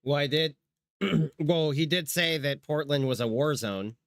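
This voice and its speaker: A man's voice: on the high side, unhurried, a bit bright, dry recording, studio quality. A man streaming who chats casually, rambling and swearing, often restarting his sentences. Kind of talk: casual chat.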